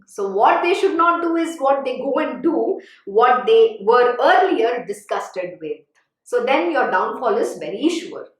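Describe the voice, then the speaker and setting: A woman's voice: high-pitched, animated, normal speed. A woman giving a sermon-style exposition of scripture as a spiritual teacher, speaking emphatically and admonishing her listeners. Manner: emphatic, admonishing, repeats warnings. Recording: very echoey room.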